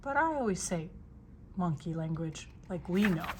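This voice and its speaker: An older woman reading a picture book aloud to children, slow and expressive, pausing to ask the listener questions. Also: lowish voice, noisy background. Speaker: storyteller.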